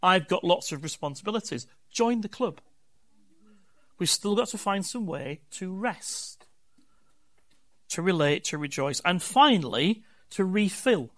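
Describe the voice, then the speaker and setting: A man's voice: high voice, big pitch swings, slow, long pauses. An older man, a pastor giving a candid, conversational sermon to his congregation and building points in emphatic lists. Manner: candid, warm-hearted, talks with emphatic rhythm and lists.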